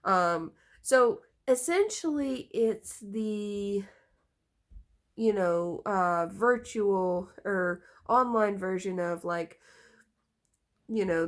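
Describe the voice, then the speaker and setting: A woman telling a casual storytime vlog, rambling with many fillers and slightly congested from a cold. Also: lowish voice. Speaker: storytime vlogger.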